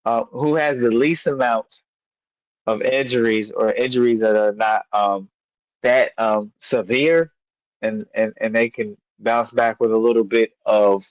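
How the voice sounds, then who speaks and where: A man's voice: on the low side, fairly even intonation, measured pace, dry recording. A man hosting a casual live sports chat, rambling with fillers and breaking into playful sing-song chants. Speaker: sports podcast host. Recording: dull lo-fi dry mic.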